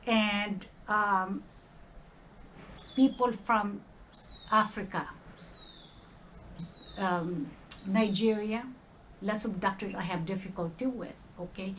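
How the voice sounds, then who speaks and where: A woman's voice: mid-range voice, takes it slowly, pauses often, a bit bright, slight background noise, low-quality recording. An older woman from the Philippines with a Filipino accent, talking in a casual vlog monologue and often checking in with "okay?". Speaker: retired nurse vlogger.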